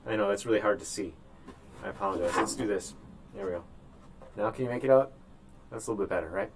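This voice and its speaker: A man chatting casually while he paints live. He rambles offhand and thinks out loud in a room indoors. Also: fairly low pitch, fast talker, noisy background. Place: indoor studio room with a sunny window.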